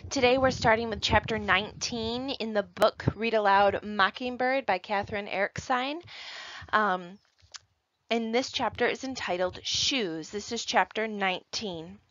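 A woman's voice: mid-range voice, a little slow, a bit bright, dry recording, dull audio. A woman teacher reads a novel aloud to her students and addresses them directly in a friendly way. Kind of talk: reading a novel aloud to a class.

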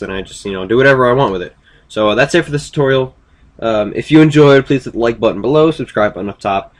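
Casual, rambling man giving a tutorial. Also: lowish voice. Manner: casual and rambling, self-correcting. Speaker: video tutorial maker. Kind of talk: casual screen-recorded software tutorial.

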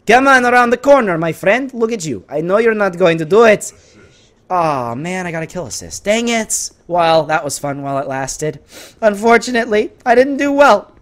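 A man with a hoarse voice giving exasperated, sarcastic, excitable commentary over his own gameplay. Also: on the high side. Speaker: gaming channel host.

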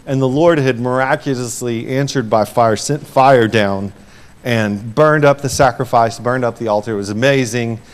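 A man preaching an informal sermon and retelling a scripture story, conversational, shifting from hushed to loud and emphatic and acting out the quoted lines. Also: mid-range voice, normal speed.

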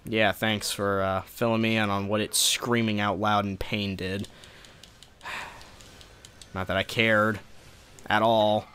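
A man's voice: on the low side, level tone, takes it slowly, long pauses, pushed and bright, a little hiss or hum. A man giving profane, sarcastic gameplay commentary, ranting at a boss fight. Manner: profane, ranting frustration at the game. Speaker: let's play gamer.

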